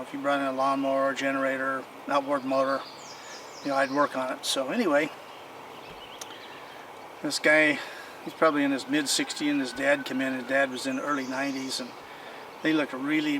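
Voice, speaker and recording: A man casually showing off his old bicycles and telling stories in a rambling, folksy way, recorded outdoors. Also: mid-range voice. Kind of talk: casual show-and-tell storytelling. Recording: distant mic with clear outdoor noise.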